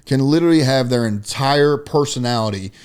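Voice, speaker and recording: A young man co-hosting a podcast, chatting about sports in a loose, profane, animated way and telling stories. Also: medium pitch, fairly quick, clear, resonant tone. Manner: profane, animated storytelling, often says "dude". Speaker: podcast co-host. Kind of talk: casual sports chat.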